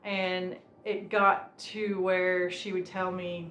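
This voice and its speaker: Woman vlogger, lowish voice, roomy echo, chatty rambling storyteller. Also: level tone, takes it slowly, fairly bright tone, slight background noise. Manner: rambling, lots of "um" and "you know". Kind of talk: casual storytime chat. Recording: roomy room with faint music.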